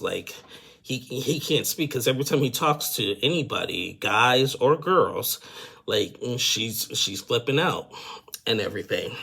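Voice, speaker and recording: A man's voice: on the low side, gravelly, a bit bright. A man casually retelling a reality TV episode, rambling and a bit tired. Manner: rambling, full of fillers and "and everything". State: yawning, tired. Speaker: reality TV recap vlogger.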